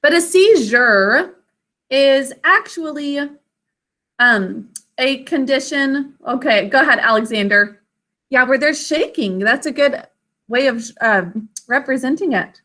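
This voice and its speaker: High bright-voiced woman teaching spelling. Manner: patient, slow and careful over word sounds. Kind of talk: online spelling lesson for children. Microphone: video call.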